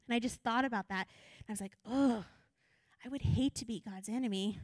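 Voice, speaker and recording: Woman pastor preaching, earnest and chatty, kinda high voice, dry close sound. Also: brisk, darkish tone, dry recording. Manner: earnest, conversational preaching with rising urgency. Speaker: assistant pastor. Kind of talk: sermon.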